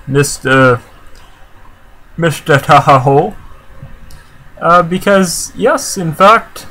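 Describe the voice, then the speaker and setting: A man's voice: on the high side, lively intonation, very slow, pauses often, bright, forceful tone, rough recording. A man with a Canadian accent talks casually to camera, answering viewer comments in a chatty, rambling way full of fillers and restarts. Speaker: vlogger.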